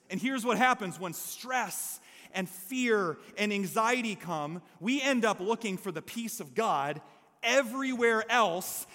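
Guy preaching to his church, keeps asking okay? amen?, high-ish voice, big echoey hall. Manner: conversational preaching with frequent "okay?" and "amen?" to the congregation; lively storyteller who mixes humor with earnest emphasis. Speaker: pastor. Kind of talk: sermon. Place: church service before a congregation. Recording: long hall reverb.

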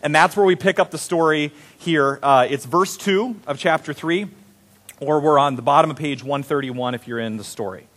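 A man's voice: a little high, normal speed, a bit bright. A male pastor giving a sermon in a conversational, playful storytelling manner.

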